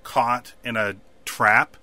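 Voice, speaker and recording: Casual male co-host, very bright voice, rambles and acts out lines. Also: mid-range voice, fairly even intonation, slow, no room sound. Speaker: podcast co-host. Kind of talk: casual TV recap chat.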